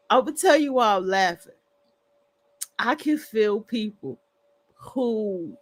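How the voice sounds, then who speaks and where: A woman hosting a livestream, reacting to clips with loud laughter and slangy casual commentary. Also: medium pitch, takes it slowly, long pauses. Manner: laughing hard, animated, slangy. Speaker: livestream host.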